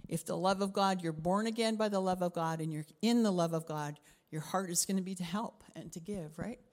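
A woman's voice: fairly low pitch, a little fast. Woman pastor preaching in a reverberant hall. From Canada. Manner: expressive, drops to whispers for emphasis. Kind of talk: sermon.

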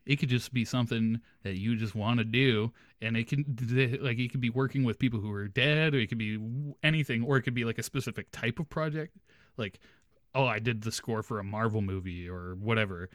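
A man's voice: mid-range voice, brisk, no room sound, studio quality. A young man hosting a podcast, telling a funny story casually and animatedly, laughing as he goes. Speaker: podcast host.

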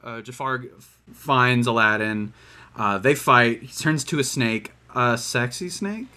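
A man co-hosting a podcast chats casually about a movie, rambling with many fillers and restarts and slipping into quick quoted voices. His mid-range voice sounds pushed and bright, with slight background noise.

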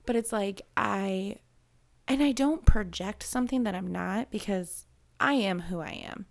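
Woman, 30s, mid pitch with vocal fry, open and emotional conversational read, rambling. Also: measured pace. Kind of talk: candid personal conversation.

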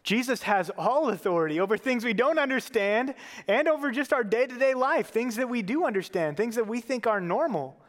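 Preaching in a church with a long hall reverb behind him, a pastor with a high-pitched voice speaks fairly quickly and with lively intonation. His sermon is earnest and conversational, sprinkled with casual fillers.

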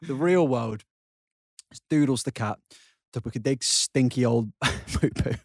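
A man's voice: medium pitch, measured pace, gravelly, no room sound, clean studio sound. A young man co-hosting a comedy podcast, telling crude stories full of swearing and cackling. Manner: rowdy, swearing, cackling storyteller. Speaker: podcast co-host.

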